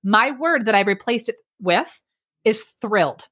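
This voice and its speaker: A woman speaking coach talks with an energetic, emphatic drive, often poking fun at herself. Her voice is bright and clear, pitched in the middle range. The sound is a casual video-call chat. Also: measured pace. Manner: energetic, emphatic, self-deprecating. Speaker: public speaking coach, podcast guest.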